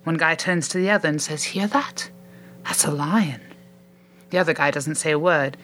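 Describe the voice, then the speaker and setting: A woman voicing a chatty, grumbling male shopkeeper who tells jokes, with her voice raised in pitch. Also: moderate pace, fairly bright tone, a little hiss or hum. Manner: chatty, grumbling, joke-telling. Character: grumbling male corner-shop keeper telling jokes.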